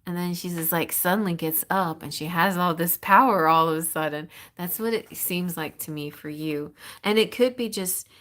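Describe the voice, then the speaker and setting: A woman with a somewhat low voice gives a live-streamed tarot reading. She rambles in an excitable way and often breaks off and restarts her phrases. The tone is casual and spoken straight to the viewer. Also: moderate pace, few pauses. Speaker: tarot reader.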